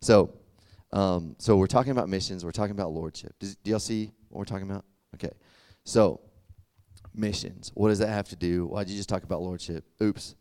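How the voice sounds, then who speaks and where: A man's voice: sits low, brisk, a little mellow, no echo, studio quality. A young man giving a casual, conversational sermon, often stopping to check "does that make sense?". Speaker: youth pastor.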